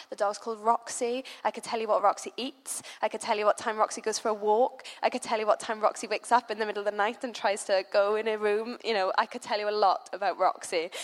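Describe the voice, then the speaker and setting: Chatty young woman giving a sermon. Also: mid-range voice. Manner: chatty, lots of "like" and "you know". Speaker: church speaker. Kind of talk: casual sermon with anecdote.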